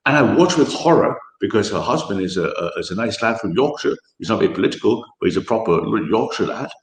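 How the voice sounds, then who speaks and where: A man in a conversational political chat, talking in a rambling, animated way with many fillers. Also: lowish voice, fast. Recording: echoey room.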